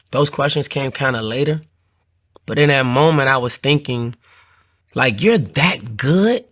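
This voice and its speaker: A man telling his own conversion story in an earnest, heartfelt way, often repeating phrases and lifting his voice as he recalls the moment. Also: a bit bright. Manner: earnest, repeats phrases, rises in pitch when moved. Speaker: testimony speaker. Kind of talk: personal testimony.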